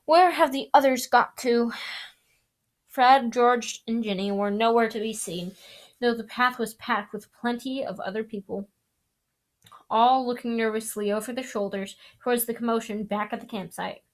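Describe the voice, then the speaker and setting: Young woman, amateur audiobook reader, casual, apologetic, higher pitch. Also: fairly even intonation, normal speed. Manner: casual, apologetic, frequent restarts.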